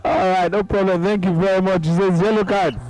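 A man's voice: high-pitched, steady tone, a little fast, rough recording. A man with a Nigerian accent hosting a radio call-in show, jovial, laughing often and slipping into Pidgin as he reads messages. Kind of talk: casual call-in radio chat. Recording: radio broadcast with faint music.

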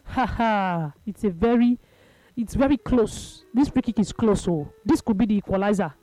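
A woman doing live radio football commentary, excitable, thinking aloud and rising to shouts at big moments. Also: mid-range voice, moderate pace, soft background music.

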